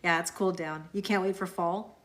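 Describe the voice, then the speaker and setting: A woman's voice: on the low side, steady tone, fairly quick, fairly bright tone. A woman hosting a tarot live stream, chatting casually with viewers, answering their comments and laughing often. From Canada.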